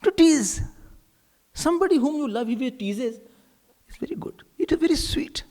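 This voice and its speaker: A man, a spiritual teacher who tells a sacred story in an animated way, laughing and acting out gestures. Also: very high voice, moderate pace. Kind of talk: sermon storytelling.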